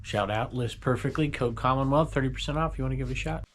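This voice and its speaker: A man's voice: mid-range voice, quick pace. A man, hosting a casual reselling vlog in a chatty, easygoing way and laughing easily. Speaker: reseller channel host.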